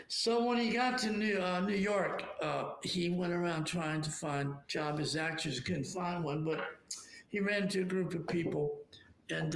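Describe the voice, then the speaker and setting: Rambling pianist, echoey room. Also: male voice, a little high, vocal fry, slight background noise. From Savannah, Georgia, US. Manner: rambling, with many fillers and restarts. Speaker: pianist and singer. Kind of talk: casual chat between songs on a live stream. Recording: echoey room with faint music.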